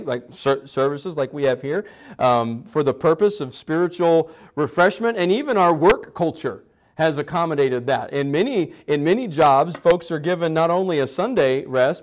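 A man's voice: fairly high pitch, highs cut off. A man preaching a sermon in a conversational, storytelling way, often restarting and stammering over his words. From United States. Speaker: pastor.

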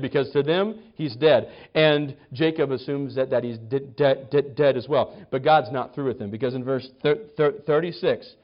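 Man giving a Bible lesson, fairly high voice, lively and stumbling, muffled lo-fi sound. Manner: animated, stumbles and repeats words. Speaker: Bible teacher. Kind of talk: casual Bible teaching. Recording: dull lo-fi recording.

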